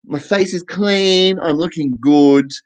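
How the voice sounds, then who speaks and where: On an online festival stage, a stand-up performer with an Australian accent voices a deaf comedian's set, telling a self-mocking comic story and acting out the voices. The mid-range voice is slow, and the recording quality is low.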